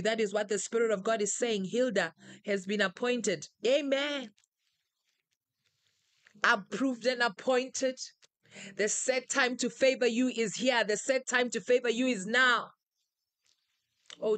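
A woman's voice: a little high, a bit bright, no echo. A woman preacher leading a live prayer session, fervently calling out names and declarations in rhythmic, repeated phrases. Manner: repetitive, rhythmic calls.

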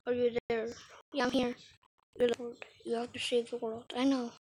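A woman's voice: on the high side, little pitch movement, moderate pace, darkish tone, breathy edge, low-quality recording. A woman giving casual gameplay commentary for her video channel, playful and teasing. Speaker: YouTube gamer.

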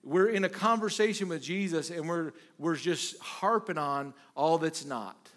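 A pastor preaching a sermon, retelling Bible dialogue in an animated, repetitive way. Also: male voice, on the high side, unhurried.

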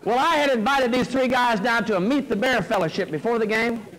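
High-voiced folksy man telling a story. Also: fairly quick, rough recording. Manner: folksy, animated storyteller with comic timing. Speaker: motivational speaker. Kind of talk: humorous storytelling speech. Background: audience laughter.

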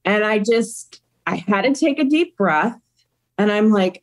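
A woman's voice: mid-range voice, expressive, unhurried. A middle-aged woman, a grieving mother, recounting events in an interview with emotion and acting out quoted dialogue.

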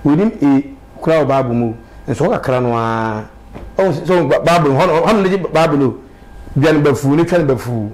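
A man's voice: fairly high pitch, expressive, moderate pace, darkish tone, rough recording. A man talking animatedly in a casual street interview, with emphatic bursts and sudden exclamations.

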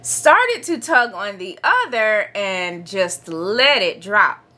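A woman reading a picture book aloud for children as a storytime host, playful and animated, acting out sound-effect words. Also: mid-range voice, slow pace. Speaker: storytime reader.

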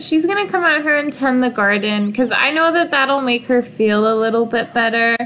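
Young woman, video game creator, slightly high voice, slow and emotional, casual play-along commentary, faint background noise. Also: lively intonation, fairly bright tone, poor audio. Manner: gushing and emotional, sighing over sad moments.

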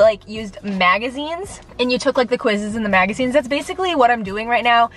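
A woman's voice: fairly high pitch, fairly bright tone. Chatty young woman vlogger, rambling. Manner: chatty, rambling, self-deprecating. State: sweaty and nervous. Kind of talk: casual chat to camera.

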